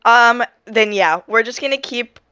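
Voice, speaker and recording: A woman's voice: on the high side, measured pace, pushed and bright, smooth, no echo, lo-fi sound. A woman playing a tabletop role-playing game, chatty and apologetic, with many fillers. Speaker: player. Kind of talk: casual tabletop role-play.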